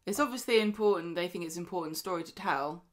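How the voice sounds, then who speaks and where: A woman co-host talks through the week's soap episodes in a loose, chatty way. Her voice sits a little low, and she slips into characters' lines with sudden emphasis. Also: fast talker. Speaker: podcast co-host. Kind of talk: casual chat reviewing a soap.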